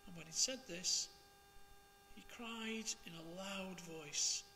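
Slow bright-voiced priest reading aloud. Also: male voice, high-pitched, long reverb tail, a little hiss or hum. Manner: slow, measured, expressive reading. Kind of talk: reading the Gospel and preaching.

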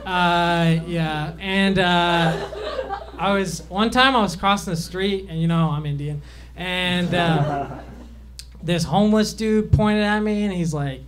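A man's voice: high voice, slow pace, a bit bright. A young man doing a rambling, self-deprecating stand-up set on a comedy club stage, with plenty of fillers and restarts.

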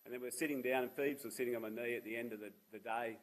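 A man's voice: mid-range voice, fairly even intonation, racing, low-quality recording. A man in his fifties with an Australian accent, giving a seminar talk as a charity founder, telling personal stories with self-deprecating humour. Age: 50s. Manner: humorous, self-deprecating storyteller. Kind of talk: public talk with personal anecdotes.

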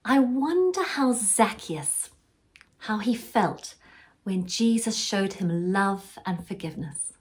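A woman leading a school assembly, gently asking children reflective questions. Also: mid-range voice, animated, takes it slowly.

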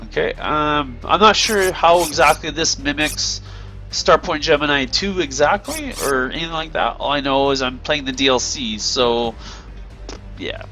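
A man's voice: a little high, unhurried, sharp tone, soft background music. A tired man giving casual commentary while exploring a game, thinking aloud with many ums and hedges. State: yawning, tired. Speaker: gameplay video creator.

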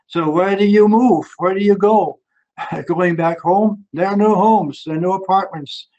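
Brief: older male preacher, earnest, repeats for emphasis, slightly high voice, muffled tape. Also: unhurried, darkish tone. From Germany. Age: 70s. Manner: earnest storytelling with many uh fillers and emphatic repetitions. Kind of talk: sermon.

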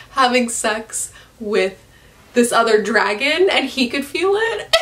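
Woman, home vlog, exasperated profane book rant, bright higher voice. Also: sing-song, slow. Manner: exasperated, profane, laughing ranting. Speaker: book reviewer. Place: at home, dog nearby.

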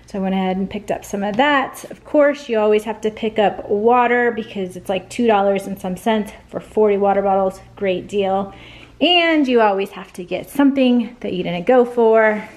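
A woman's voice: medium pitch, moderate pace. A woman in her thirties, a family vlogger, chatting casually to the camera in her home kitchen. She is out of breath, with an upbeat, rambling way of talking.

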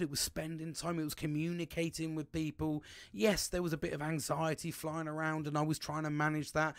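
A man's voice: no room sound, studio quality. A middle-aged man hosting a podcast, rambling and swearing in a casual monologue. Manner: rambling, swears a lot, animated swings in pitch. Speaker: podcast host.

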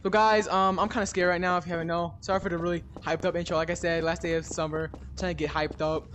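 A man doing excited gameplay commentary, yelling panicked repeats and then dropping to hushed whispers, straining his voice. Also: sits high, fast, slight background noise. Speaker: gaming YouTuber.

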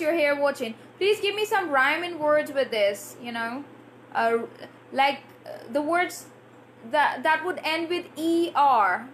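A woman's voice: high-pitched, a bit bright, slight background noise. A woman English trainer and IELTS coach giving a live-streamed Q&A lesson, drilling tongue twisters aloud and answering viewer comments.

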